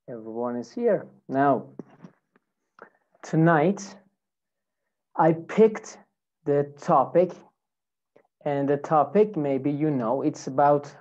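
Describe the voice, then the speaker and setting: Low, slow-talking woman teaching English. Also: darkish tone, muffled recording. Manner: friendly, greets students by name. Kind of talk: online live English lesson.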